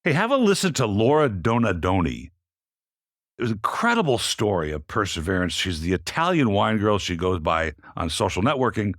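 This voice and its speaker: A man's voice: on the low side, fairly quick, no room sound. A man hosting a wine podcast in a studio, chatting casually and joking with his guest. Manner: chatty, jokey, lively intonation. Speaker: podcast host. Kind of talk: casual interview chat.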